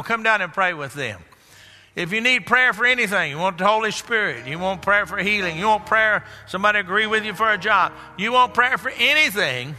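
Older male pastor, high and brilliantly bright, preaching in a reverberant church hall. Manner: preaching, repeats phrases for emphasis, builds to exclamations. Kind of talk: sermon.

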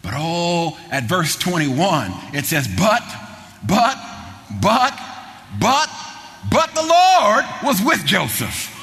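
A middle-aged man preaching a sermon, building into fervent shouting with repeated phrases. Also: high-pitched. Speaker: pastor. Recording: long hall reverb with faint noise.

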